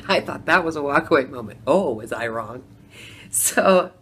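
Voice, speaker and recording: A middle-aged woman telling her own story in a chatty testimonial vlog, laughing between lines and swinging from hushed to loud. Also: sits low, lively intonation, measured pace, husky.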